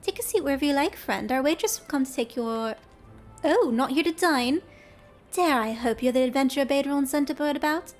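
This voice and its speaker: Woman reading as polite female innkeeper, formal, high voice, video game lines. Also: brisk, soft background music, lightly acted. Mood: courteous. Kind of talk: reading game dialogue aloud.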